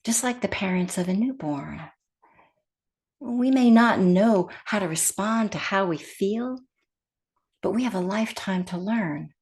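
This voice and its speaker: Slow soft-spoken lady teaching meditation, gentle, drops to whispers now and then. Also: mid-range voice, lively intonation. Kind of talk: guided meditation talk.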